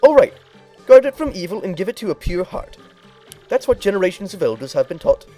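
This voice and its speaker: A man's voice: sits high, very animated, brisk, warm tone, soft background music, voice pushed up. Man doing a bossy crotchety old woman elder. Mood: explaining. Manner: scolding, barking orders.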